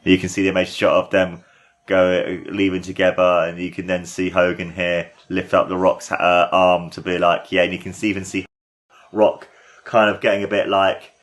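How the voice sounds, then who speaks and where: Gushing young man with a lowish voice. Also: normal speed. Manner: excited, gushing and rambling. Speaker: podcast host. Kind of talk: casual watchalong commentary.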